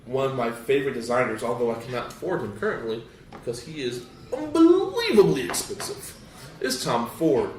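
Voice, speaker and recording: A man co-hosting a podcast in casual chat, expressive and opinionated, laughing easily. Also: mid-range voice, moderate pace, roomy sound, recorded from a distance, a little hiss or hum, low-quality recording. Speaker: podcast co-host.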